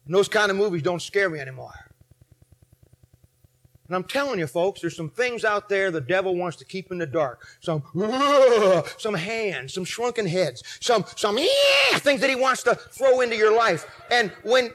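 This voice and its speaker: High-pitched, bright male preacher in his forties. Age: 40s. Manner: animated storytelling, acting out scenes, swinging from shouts to low asides. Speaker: pastor. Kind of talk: sermon.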